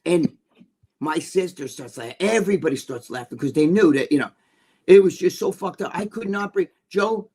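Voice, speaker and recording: An older man co-hosting a podcast, telling a story in a profane, animated way and laughing as he goes. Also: high voice, normal speed, slightly rough. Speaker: podcast co-host. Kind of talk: casual storytelling chat.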